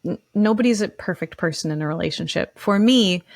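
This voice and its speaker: Animated woman, dry podcast mic. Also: fairly low pitch, a little fast, no room sound. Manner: animated, emphatic, playful, laughs easily. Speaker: relationship podcast co-host. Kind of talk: casual advice chat.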